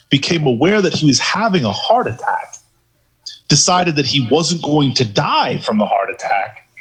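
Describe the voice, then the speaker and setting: A man co-hosting a podcast, telling stories in a casual, profane, animated way. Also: sits high, husky, low-quality recording. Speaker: podcast co-host. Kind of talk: casual storytelling chat.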